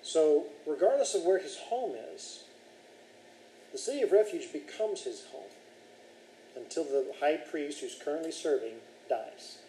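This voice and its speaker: A man teaching a Bible class in a roomy, echoing hall with a faint hiss behind him. His voice sits a little high for a man but sounds mellow and relaxed as he reads scripture, explains it and questions his students. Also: measured pace.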